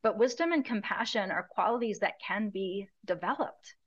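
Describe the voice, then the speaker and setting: Brief: female host, calm and reflective, mid pitch, slightly dull lo-fi sound. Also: moderate pace, breathy edge. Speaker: podcast host. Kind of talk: interview conversation.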